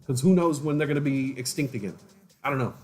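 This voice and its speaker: A man's voice: mid-range voice, quick pace, a little mellow. A man casually chatting to viewers on a livestream, telling rambling stories and mimicking other people's voices. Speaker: livestream host.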